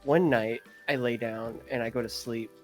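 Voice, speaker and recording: A man's voice: mid-range voice, normal speed, faint music behind. Rambling young man telling a story. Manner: rambling, many fillers and throat-clearing; animated, gets excited retelling. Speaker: podcast co-host. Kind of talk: casual storytelling.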